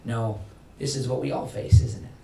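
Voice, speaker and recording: A man preaching a sermon as pastor, emphatic, climbing in pitch and loudness to stress his points and acting out quoted voices. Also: steady tone, normal speed, vocal fry. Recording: echoey hall from far off, faint noise.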